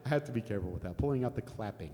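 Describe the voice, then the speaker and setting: Speaking rapid-fire in a lowish, animated voice, this older man from the United States rambles and laughs with viewers of a live music stream, letting some swear words slip. Guitar music sits in the background, and the audio carries a long reverb.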